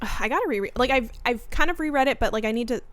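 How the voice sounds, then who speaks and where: A woman's voice: a little high, expressive, rapid-fire, fairly bright tone. A young adult woman co-hosting a casual book podcast, gushing and giggling as she quotes favorite lines. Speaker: podcast co-host.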